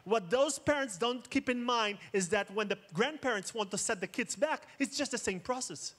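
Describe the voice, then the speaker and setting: A man's voice: very high-pitched, moderate pace, a bit bright. A man giving a keynote talk, mixing jokes with dramatic storytelling. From Israel. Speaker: conference speaker. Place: outdoor festival main stage.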